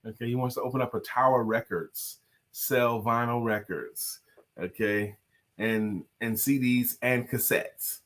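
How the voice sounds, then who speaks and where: A man's voice: mid-range voice, steady tone, unhurried, fairly bright tone. A man co-hosting a casual talk show, playful and teasing, who laughs often and sings bits of songs. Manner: sings lines of a song. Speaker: co-host. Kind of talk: casual chat.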